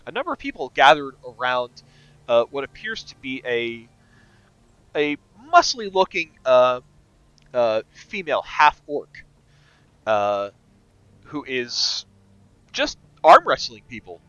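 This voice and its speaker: A male game master narrating an adventure in a relaxed, meandering way, full of pauses and filler sounds. His voice sits at a middle pitch, and the online audio comes through slightly muffled. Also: smooth, no room sound.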